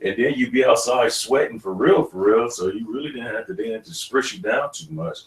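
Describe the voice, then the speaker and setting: A man, an actor guest in an interview, telling stories in a lively way and laughing often. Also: medium pitch, brisk. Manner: animated storyteller, laughs often. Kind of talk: casual interview talk. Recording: roomy studio, mic at a distance.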